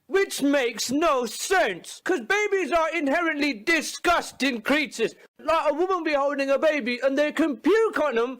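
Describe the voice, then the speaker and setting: A man delivering a loud, sarcastic, profane comedic rant to the camera. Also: extremely high pitch, measured pace, hardly any pauses. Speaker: comedy video host. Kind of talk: ranting comedic monologue.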